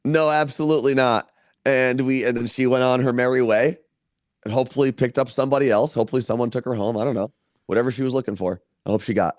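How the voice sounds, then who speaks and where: A man's voice: medium pitch, steady tone, quick pace, no echo. A man co-hosting a podcast, telling a long story in casual chat from a hotel room and laughing often. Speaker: podcast co-host.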